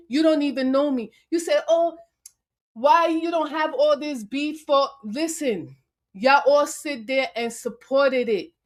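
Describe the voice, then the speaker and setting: A woman with a high voice rants furiously on a live-stream panel. She is confrontational, curses freely and hammers her challenges over and over. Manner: angry, confrontational, cursing; repeats taunts and challenges. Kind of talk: heated live-stream rant. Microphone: remote call into a live stream.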